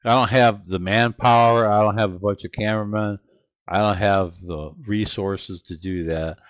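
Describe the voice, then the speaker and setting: A man's voice: lowish voice, fairly even intonation, moderate pace, no echo, lo-fi sound. An older man hosting his channel, talking over clips in an earnest, reflective way. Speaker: channel host narrating clips. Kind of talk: casual commentary.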